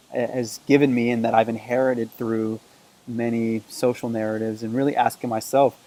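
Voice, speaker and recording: A man's voice: mid-range voice, flat delivery, measured pace, warm tone, low-quality recording. A man talking to camera in an earnest, reflective way, repeating phrases for emphasis, recorded on a camera propped on a table. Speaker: vlogger. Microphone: camera mic on a table.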